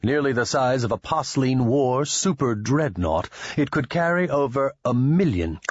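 A man narrating an audiobook in a steady, measured way, close to a studio mic. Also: mid-range voice, dry recording, muffled recording. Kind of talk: scripted narration.

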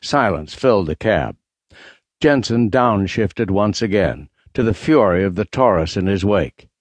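A man narrating a mystery audiobook in a steady, measured read. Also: fairly low pitch, no echo. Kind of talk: scripted narration.

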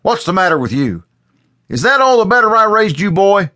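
A man's voice: mid-range voice, expressive, moderate pace, a bit bright, voice pushed up. A man voicing a stern, strict rural father who scolds his son in plain country grammar. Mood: angry scolding.

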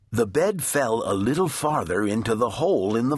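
A man narrating a children's storybook in a gentle, deliberate storytelling manner. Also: lowish voice, lively intonation, slightly rough, no echo, clean studio sound. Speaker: audiobook narrator.

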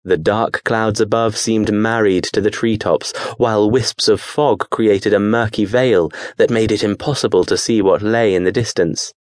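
A man with a somewhat low voice tells an audiobook story in a steady, deliberate way. The studio-quality recording carries no room sound.

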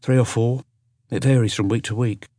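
A hard, unflinching older woman with nothing to hide, as a male narrator puts her on in a raised voice. She answers flatly and bluntly in an audiobook. The sound is close and dry. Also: mid-range voice, normal speed, no room sound, voice pushed up, close to an everyday voice. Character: flat-voiced older woman, ex-convict cleaner.

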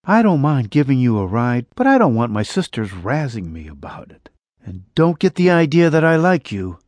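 A man voicing a brisk, sharp-tongued young ranch woman in an audiobook. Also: mid-range voice, sing-song, no echo, natural voice. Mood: prickly.

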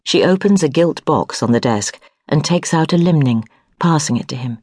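Husky-voiced woman narrating a historical novel. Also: sits low, lively intonation, normal speed, darkish tone, dry recording, studio quality. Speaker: audiobook narrator.

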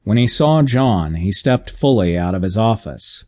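Measured male audiobook narrator. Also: fairly low pitch, expressive, dark tone.

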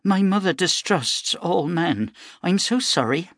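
A man voicing a kind, apologetic young farm girl who speaks gently and pleads. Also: high-pitched, lively intonation, a little slow, no room sound, studio quality, voice pushed up, exaggerated voice. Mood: pleading.

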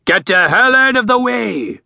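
A booming, bossy old country doctor, barking orders, as a male narrator puts him on. His husky voice swings widely in pitch, recorded dry and close for a storybook reading. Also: sing-song, normal speed, sharp tone, no room sound, exaggerated voice. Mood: bellowing. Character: gruff commanding older male country doctor.

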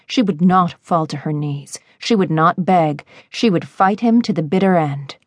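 A woman narrating a romance audiobook in a measured, expressive reading on a close studio mic. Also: lowish voice, no room sound.

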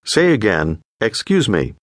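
A man narrating a language course in a clear, patient, scripted teaching voice. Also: fairly low pitch, big pitch swings, a little slow, no room sound, clean studio sound. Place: recording studio.

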